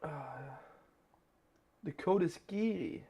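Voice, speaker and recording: A man's voice: high-pitched, slow, vocal fry, dark tone, slightly rough. Chatty man with a Danish accent. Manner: chatty storyteller, laughs often. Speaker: live stream game host. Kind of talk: casual live-stream chat.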